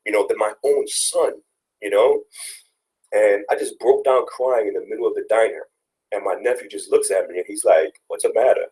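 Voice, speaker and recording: A man's voice: lowish voice, moderate pace, a little mellow, poor audio. A young man, a father, telling personal stories in an earnest, casual interview with many restarts. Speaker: guest, father.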